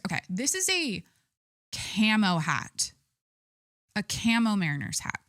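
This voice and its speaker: A woman hosting her own podcast in a casual solo chat, talking forcefully from the chest and rambling with lots of fillers. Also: mid-range voice, dry recording, studio quality. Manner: forceful, talks with full chest; chatty, rambling with many fillers. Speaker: podcast host.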